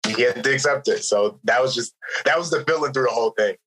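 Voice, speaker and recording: A man joins a podcast as a guest over his phone. He speaks in a soft, hesitant way with many ums. His voice sits at a middle pitch with a bright, tense tone. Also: fast, slight background noise, low-quality recording. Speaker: podcast guest, run club co-founder. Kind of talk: casual chat.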